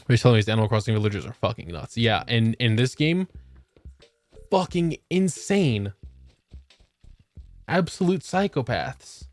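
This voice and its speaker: Lively, joking man streaming a game. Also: on the low side, very fast, few pauses, no echo, soft background music. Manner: profane, joking banter with chat. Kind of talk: casual gameplay chat.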